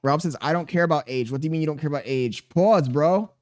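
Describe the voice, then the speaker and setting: A man's voice: fairly high pitch, fast talker. Slangy, profane male streamer. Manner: profane, joking banter with chat; slangy and animated. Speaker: live streamer. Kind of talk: casual live-stream chat, reading chat aloud.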